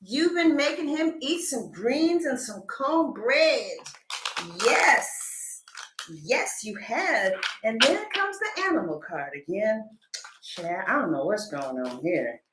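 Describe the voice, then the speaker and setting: A woman doing a casual tarot reading to camera, animated and joking, laughing often and slipping into comic voices. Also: a little high, slow pace, roomy sound, heavy background noise. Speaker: tarot reader.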